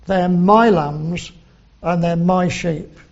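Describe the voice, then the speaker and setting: A man preaching a sermon, slow and deliberate, quoting scripture in old English. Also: high voice, steady tone, vocal fry, dull audio.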